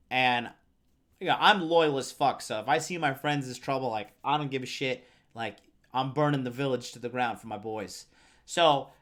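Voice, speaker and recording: A young man with a mid-pitched voice hosts a dating-advice show. He talks in a loose, swearing, filler-heavy ramble and sometimes reads viewer comments aloud. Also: a bit bright. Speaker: dating coach host. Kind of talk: casual storytelling and advice.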